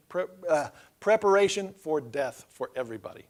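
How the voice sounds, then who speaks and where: A middle-aged man, preaching a loose, storytelling sermon in church that swells loud and then drops low. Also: expressive, a little fast. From Oklahoma. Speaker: pastor. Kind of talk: conversational sermon.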